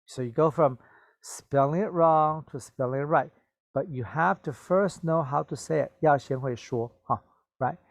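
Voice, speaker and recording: A man's voice: a little high, normal speed, dry recording. A man teaching an English vocabulary lesson, patiently repeating words and checking in with "okay?".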